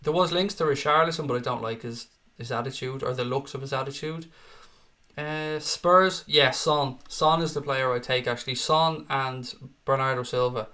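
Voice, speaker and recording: A young Irishman hosting a relaxed live-chat stream reads viewers' comments aloud and responds bluntly, swearing a lot. His medium-pitched voice sounds pushed and bright, at a moderate pace.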